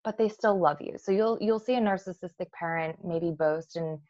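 A woman therapist speaks in a fairly low voice, working through ideas with frequent fillers and restarts. The sound is dry and close, with a slightly muffled, dull quality. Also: normal speed, darkish tone, no room sound. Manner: explanatory, with many fillers and restarts. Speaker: therapist guest. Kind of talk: professional conversation.

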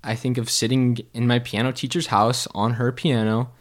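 A man's voice: mid-range voice, flat delivery, normal speed. A young man co-hosting a casual faith podcast, telling a personal story in an earnest, reflective way. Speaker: podcast co-host.

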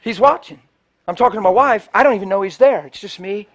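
A man preaching, telling a personal story animatedly and swinging from hushed to loud. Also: sits high, fast talker. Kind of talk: storytelling sermon.

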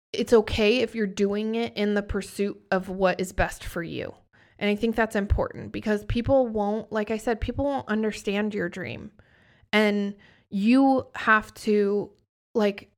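A woman in her thirties, a host and coach, talking candidly and emphatically in a motivational chat, swearing freely. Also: mid-range voice. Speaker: podcast host and business coach. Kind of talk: motivational casual talk.

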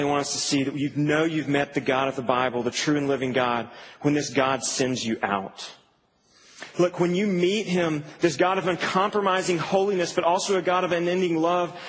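A man preaching to students in an earnest, emphatic way, his voice sitting high for a man. He swings between hushed, slowed lines and raised, stressed ones. A faint background hum stays underneath. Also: poor audio. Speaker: campus ministry preacher. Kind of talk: sermon.

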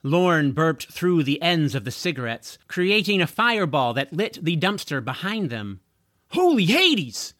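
A man narrating a chapter of a children's fantasy audiobook in a slow, expressive storytelling manner. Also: a little high, dry recording, studio quality.

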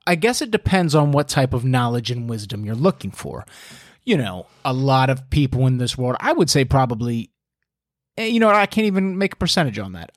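A man's voice: mid-range voice, no room sound, clean studio sound. A man giving a casual, folksy faith talk, preachy and full of fillers.

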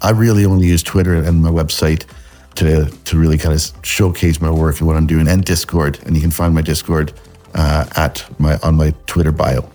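A man with a low voice and a Canadian accent carrying a faint Scottish lilt. He talks casually as a podcast guest. His sentences stop and restart around many fillers. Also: little pitch movement, mellow. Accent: Canadian with a slight Scottish tinge. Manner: halting, many fillers and restarts, laughs often. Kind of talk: casual interview chat.

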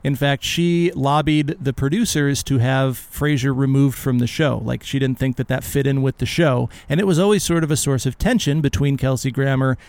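A man's voice: medium pitch, moderate pace, hardly any pauses, darkish tone, dry recording. A man co-hosting a podcast in casual chat, leading the discussion with questions and plenty of fillers. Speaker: podcast co-host.

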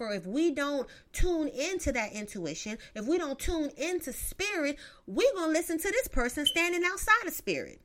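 Lively, sassy woman with a swooping voice. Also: high-pitched. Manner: profane, emphatic, sassy asides. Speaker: vlogger giving relationship advice. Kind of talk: casual advice monologue.

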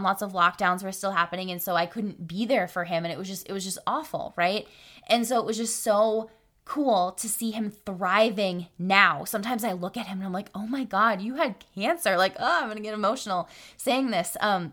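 A woman's voice: mid-range voice, a bit bright. A young woman from Arkansas hosting a solo podcast, talking casually and often tagging her sentences with "right?" between fillers. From Arkansas, USA. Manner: chatty, keeps asking "right?", many fillers. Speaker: podcast host.

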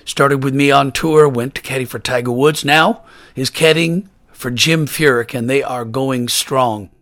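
A man's voice: mid-range voice, a little slow, fairly bright tone. An older man hosting a golf podcast, chatting casually and telling stories in a friendly way. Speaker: podcast host.

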